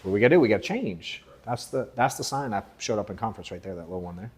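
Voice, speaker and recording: In a live coaching session on sales, a man in his thirties talks fast in a husky, expressive voice. He is blunt and profane, moving from forceful points to quiet, low-voiced asides.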